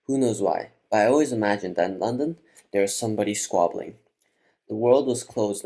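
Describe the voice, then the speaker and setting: A man reading an audiobook aloud in a measured, reflective first-person telling. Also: lowish voice, darkish tone. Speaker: audiobook narrator. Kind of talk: audiobook narration.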